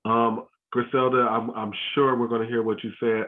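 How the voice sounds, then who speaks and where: On a tinny video call, a man running a school family learning session speaks casually and keeps restarting his sentences amid frequent ums. His mid-range voice barely rises or falls, and he keeps a moderate tempo.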